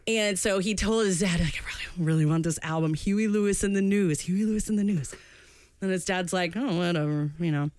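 A woman's voice: lowish voice, fairly quick, a little mellow, no room sound, studio quality. Casual storytelling woman podcaster. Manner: storytelling with swearing, acting out voices. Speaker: podcast co-host. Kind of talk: casual chat.

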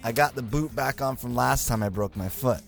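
A male podcast host whose voice is raspy from the flu. He talks in a rambling, self-mocking way, with faint music in the background. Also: mid-range voice, moderate pace. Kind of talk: casual podcast chat.

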